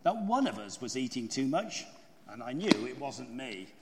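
A man's voice: mid-range voice, very animated, normal speed, very noisy, pitched below the performer's own voice, lightly acted. A stern, fussy storybook rabbit done by a man, clipped and prim. His speech rises and falls a great deal and echoes around a large hall. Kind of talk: storybook reading in a sermon.

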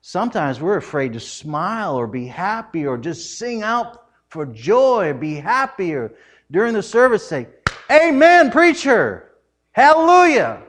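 A middle-aged man preaching a sermon, telling family stories in an animated way with frequent laughs. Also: a little high. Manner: animated, laughing often, loud acted quotes. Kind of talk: humorous storytelling sermon.

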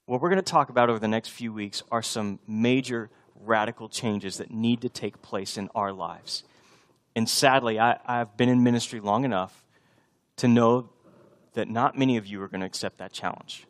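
Pastor guy in his 30s preaching, chatty then punchy, repeats lines for emphasis, even mid-range voice. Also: medium pitch, normal speed. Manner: conversational preaching that builds to emphatic repetition. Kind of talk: sermon.

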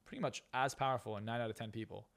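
A man's voice: medium pitch, very fast, gravelly, a bit bright. A man who is a hypnotist and coach, guest on a podcast interview, talking bluntly and profanely with lots of emphasis.

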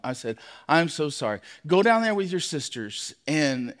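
High-voiced man preaching in echoing hall. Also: moderate pace. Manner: animated storytelling, acts out his own shouts. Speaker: pastor. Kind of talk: sermon with personal story. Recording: long hall reverb.

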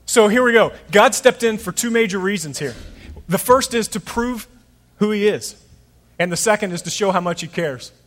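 A man's voice: high-pitched, fairly bright tone, long reverb tail. A middle-aged man preaching a sermon as pastor, conversational and storytelling, acting out voices in his stories.

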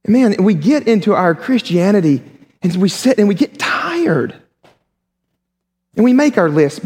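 A man preaching with a high, swooping voice that climbs and drops all over the place. He keeps it conversational and slips in joking asides. A long reverb trails every phrase, as if he is speaking in a big church hall. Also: a little slow, long pauses. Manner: animated and conversational, with humorous asides. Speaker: pastor. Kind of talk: sermon.

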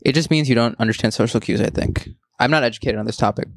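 Fast, blunt young man on a podcast. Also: medium pitch, no echo, clean studio sound. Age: young adult. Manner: blunt, profane, fast-talking. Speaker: podcast co-host. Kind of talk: casual chat.

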